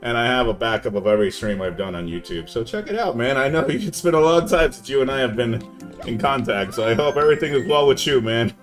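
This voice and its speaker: A young man chatting casually on a live gaming stream, laid-back and saying "man" a lot, yelling now and then at the game. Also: mid-range voice, quick pace, soft background music.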